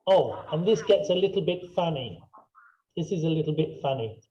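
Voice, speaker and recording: A man's voice: on the high side, expressive, normal speed, warm tone, dull audio, a little hiss or hum. A man teaching English in an online class, patient and repetitive, checking often that students follow. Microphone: video call.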